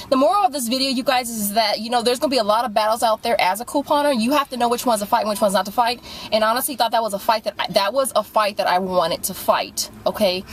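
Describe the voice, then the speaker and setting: A woman's voice: on the high side, a little hiss or hum, rough recording. A woman vlogging a couponing storytime from her car, heated and profane, acting out both sides of the argument. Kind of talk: angry storytime rant to camera. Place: in a parked car.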